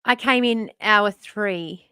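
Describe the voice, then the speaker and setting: A woman's voice: medium pitch, slow, sharp tone, clear, resonant tone, no room sound, clean studio sound. A woman, live streaming in casual chat, losing her voice, chatty and self-mocking, swearing freely. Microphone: phone.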